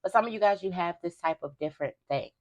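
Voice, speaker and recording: A woman's voice: on the low side, quick pace. A young woman giving a spiritual reading to her viewers in a casual, emphatic way, repeating phrases as she talks. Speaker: tarot reader.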